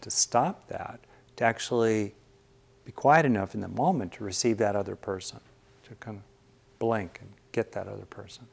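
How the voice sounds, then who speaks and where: A man, a meditation teacher, giving a relaxed, conversational Buddhist dharma talk with wry humorous asides. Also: on the low side.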